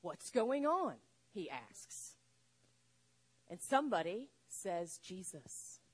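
A woman preaching a sermon, retelling a story with lively acted-out voices. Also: mid-range voice, slow pace, husky. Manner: animated, acts out voices in the story. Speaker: pastor.

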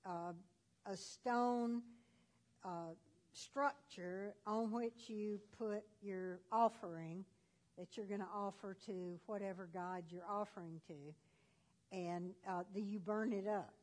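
A woman retelling a Bible story in a folksy, conversational way with casual fillers. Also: medium pitch.

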